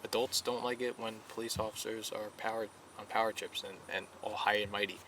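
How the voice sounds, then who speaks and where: A man's voice: lowish voice, little pitch movement, a little fast, sharp tone, slight background noise. A young man, a police recruit, talking earnestly in a casual podcast interview, full of fillers and repeated phrases.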